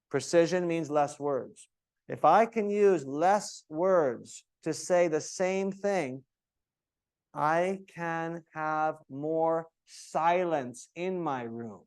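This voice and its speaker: A man teaching a yoga teacher training, lecturing with lively, varied delivery and cueing poses in a sing-song way. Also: fairly high pitch, smooth. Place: yoga studio.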